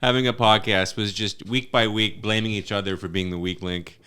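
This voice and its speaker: A man co-hosting a comedy podcast, chatting casually and cutting in with laughs and quick agreement. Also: fairly low pitch, steady tone, pushed and bright, clean tone. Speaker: podcast co-host.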